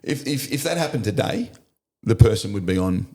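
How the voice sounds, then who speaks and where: A man's voice: fairly low pitch, lively intonation, moderate pace, a little mellow. A middle-aged Australian man, a service veteran, telling war stories in a casual interview, blunt and sweary, often breaking into laughs. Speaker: podcast guest, army, navy and police veteran.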